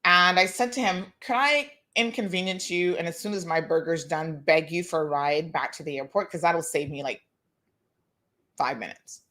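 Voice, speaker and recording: A woman hosting a talk show, telling a lively story and acting out the people in it. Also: on the low side, normal speed. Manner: animated, acts out quoted dialogue, laughs. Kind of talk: casual monologue, storytelling.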